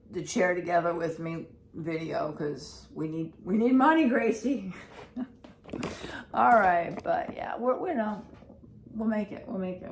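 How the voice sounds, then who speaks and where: Anxious, rambling woman vlogger. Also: lowish voice. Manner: rambling and repetitive, anxious and emotional. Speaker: vlogger and pet owner. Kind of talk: casual day-in-the-life vlog. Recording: roomy with faint background noise.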